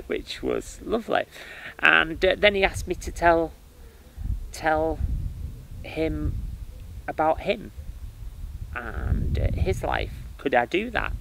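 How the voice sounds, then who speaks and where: A man who works as a spiritual medium, telling his life story in an interview with lively starts and restarts. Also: a little high, slow, gravelly, long pauses, slight background noise, rough recording. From United Kingdom. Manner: animated storytelling with many restarts and fillers.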